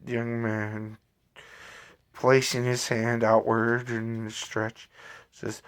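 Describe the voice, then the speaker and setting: A man narrating an improvised story in a halting, self-correcting way. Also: mid-range voice, completely flat delivery, smooth.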